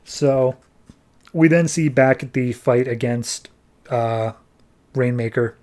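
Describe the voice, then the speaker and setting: A man talking through a comic book issue for his podcast. He speaks at an ordinary, middle pitch. His delivery is casual and full of fillers. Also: slow, darkish tone. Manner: loose, conversational, lots of fillers.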